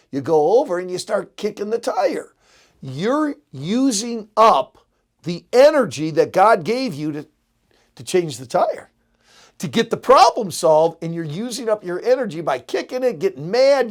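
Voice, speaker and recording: A man's voice: sits high, sing-song, normal speed. A middle-aged man giving an earnest, emphatic lecture on counseling, addressing students directly. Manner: earnest, emphatic, illustrates with examples. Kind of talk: recorded seminary lecture.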